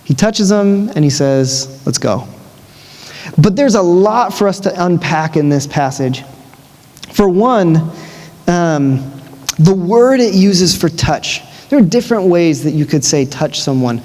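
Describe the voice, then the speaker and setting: High-voiced male preacher in a reverberant church. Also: a little slow. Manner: casual storytelling with lively asides. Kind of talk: sermon. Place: large church. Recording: long church-hall reverb.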